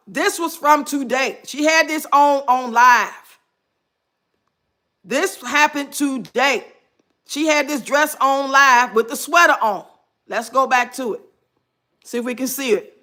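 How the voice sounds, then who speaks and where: A woman's voice: high voice, bright, forceful tone. A woman giving blunt, sarcastic reaction commentary on a clip. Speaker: commentary streamer.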